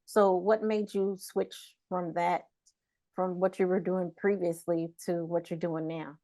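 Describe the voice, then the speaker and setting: A woman's voice: fairly low pitch, flat delivery, measured pace, warm tone. A woman hosting a talk show interview, conversational and affirming toward her guest. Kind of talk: casual interview.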